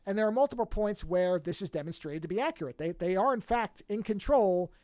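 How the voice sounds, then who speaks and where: This dry, studio-quality recording captures a podcast host with a mid-range voice talking a little fast. Recapping a TV series casually, they tell it with animated energy, acting out characters' lines and often correcting themselves partway through sentences.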